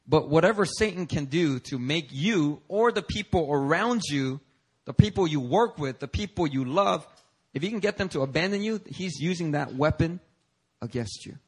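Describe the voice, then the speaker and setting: Animated man preaching a sermon. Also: a little high, normal speed, slightly rough. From Korea. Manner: lively preaching that swings between loud emphasis and quiet asides; conversational and playful, telling personal stories with laughs. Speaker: pastor.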